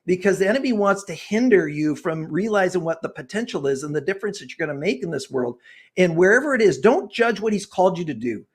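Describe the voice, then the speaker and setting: A man in his sixties speaks with a fervent, preacherly earnestness as an interview guest. His voice sits high for a man. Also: expressive, quick pace, husky. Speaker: guest author and personality expert. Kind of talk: passionate interview talk.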